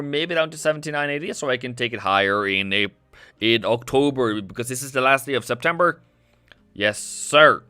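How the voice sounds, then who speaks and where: A man's voice: medium pitch, pushed and bright, clean tone, dry recording. A man hosting a live trading stream, casually thinking aloud over charts and reading chat messages. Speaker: forex trading livestream host. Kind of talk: casual live market commentary. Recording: dry close sound with faint music. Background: faint background music.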